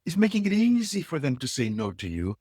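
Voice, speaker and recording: A husky-voiced middle-aged man who tells stories with big swings in pitch, jumping between characters as he acts out each line. His voice is recorded close and dry, with no room sound around it. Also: a little fast, no echo. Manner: acts out dialogue with lively inflection. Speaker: guest, leadership coach. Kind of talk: animated storytelling.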